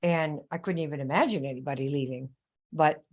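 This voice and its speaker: A woman hosting a live coaching session, telling a story in a chatty, animated way and turning to viewers with questions. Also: low-pitched, brisk, slightly rough. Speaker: host. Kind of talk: live online coaching talk.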